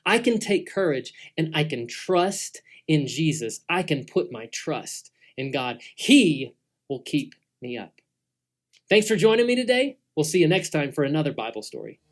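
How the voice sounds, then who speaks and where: A woman telling a Bible story to children, dramatic and swinging between loud and hushed delivery. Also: low voice, very animated, moderate pace. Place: church.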